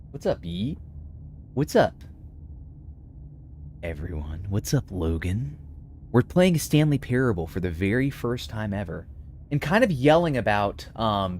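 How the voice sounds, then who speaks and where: With a fairly low-pitched voice and a little hiss or hum in the audio, a man plays a game on stream. He's animated and chatty, casually reading out viewers' messages and responding.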